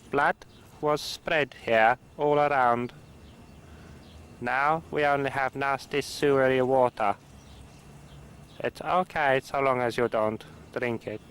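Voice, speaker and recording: A man putting on a grandiose mock-medieval storyteller voice, declaiming slowly and pompously outdoors. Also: medium pitch, a bit bright, slight background noise, voice pushed up, low-quality recording. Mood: mock grandeur. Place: outdoors in an old walled town.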